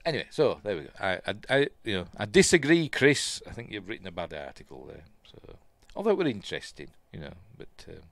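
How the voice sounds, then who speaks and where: A man's voice: fairly low pitch, sing-song, fast talker, gravelly, hardly any pauses, dry recording. A man with a Yorkshire accent hosting a live news stream, reading headlines aloud and then chatting about them casually with plenty of fillers. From Yorkshire, England.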